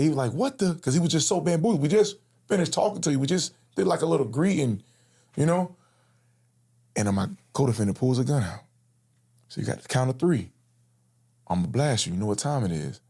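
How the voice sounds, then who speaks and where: Male interview guest, husky, very lively pitch, slangy storyteller. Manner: casual slangy, acts out quoted speech. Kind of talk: personal storytelling in conversation.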